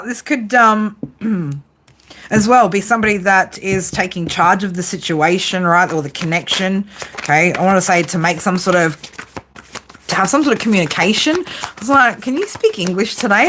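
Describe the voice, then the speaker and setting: A woman's voice: mid-range voice, fairly bright tone, a little hiss or hum. A woman doing a casual live tarot reading, teasing her viewers and swearing freely as she talks through the cards. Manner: teasing, profane banter with viewers. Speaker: psychic tarot reader.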